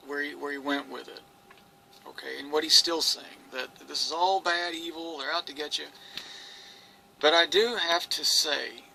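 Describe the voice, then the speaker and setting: Earnest rambling man with gravelly voice. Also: on the high side, pushed and bright, slight background noise, low-quality recording. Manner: earnest, rambling, with restarts and quoted dialogue. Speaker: experiencer recounting his story. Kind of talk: personal monologue to camera.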